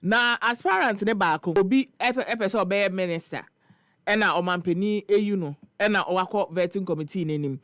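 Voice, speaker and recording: A Ghanaian man hosting a morning radio show, telling a story and reading listener comments in an animated, laughing way. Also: high-pitched, normal speed, no echo, clean studio sound. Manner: animated, laughing storyteller mixing Twi and English. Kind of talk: casual chat reading social media comments. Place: radio studio.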